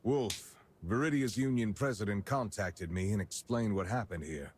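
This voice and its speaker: An actor voicing a seasoned male commander in a video game cutscene, steady and dry. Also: on the low side, normal speed, slight background noise, natural voice. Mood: calm.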